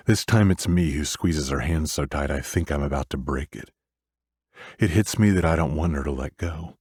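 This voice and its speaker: A man narrates a dark romance audiobook in the first person, brooding and intense. His voice is very deep with a husky grain. The sound is dry and close, with no room around it. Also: normal speed, no room sound.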